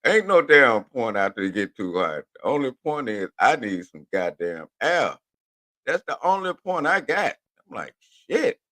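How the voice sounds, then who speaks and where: A man from Houston, hosting a radio show in a profane, rambling monologue rant. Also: medium pitch. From Houston, Texas. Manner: profane, animated, rambling with drawn-out words.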